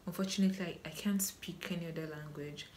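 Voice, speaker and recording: A woman's voice: sits low, steady tone, fast, darkish tone. A young Nigerian woman with a Nigerian accent, chatting casually through a Q&A vlog with many ums and restarts. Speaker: vlogger.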